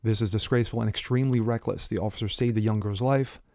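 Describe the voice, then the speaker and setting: Reading the news aloud as opinion commentary, this channel host cuts in between quotes with sarcastic, mocking asides. His voice is low and dark, fast, with fairly even intonation. The recording is dry and close, without echo or room sound.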